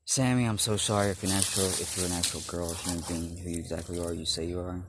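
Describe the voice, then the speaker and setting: A man in a casual vlog, rambling with many fillers, laughing often and drifting between loud and murmured talk. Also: deep voice, steady tone, fast. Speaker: vlogger. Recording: background noise.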